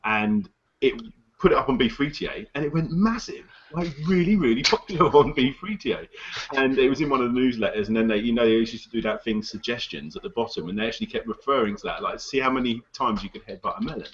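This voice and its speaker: A man's voice: mid-range voice, expressive, quick pace. A man chatting in a laid-back, hesitant way on a live stream panel. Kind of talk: casual chat. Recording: dull lo-fi audio with faint hiss.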